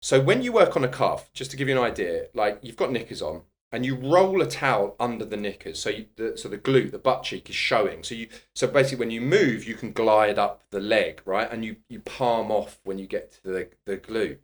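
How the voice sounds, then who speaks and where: A man's voice: lowish voice, fairly quick, few pauses. A man, a personal trainer and podcast guest, telling a casual anecdote with lots of swearing and laughter. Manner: animated, swearing, laughing storyteller.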